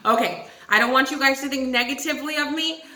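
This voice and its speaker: Young woman, casual storytime vlog, high bright voice, echoey room. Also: fast talker. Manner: animated, swears, addresses viewers as guys. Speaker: channel host telling a story.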